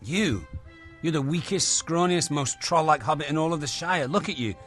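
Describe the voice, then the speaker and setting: A man's voice: fairly high pitch, animated, normal speed, fairly bright tone, faint music behind, pitched above the performer's own voice. A man voicing a smug, condescending male hobbit adventurer in an improvised comedy sketch, drawing out his insults. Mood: mocking.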